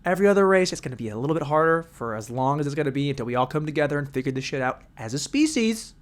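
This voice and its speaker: Brief: male solo podcast host, crude rant with a lively, swooping delivery. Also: on the high side, racing. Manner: crude, animated, ranting.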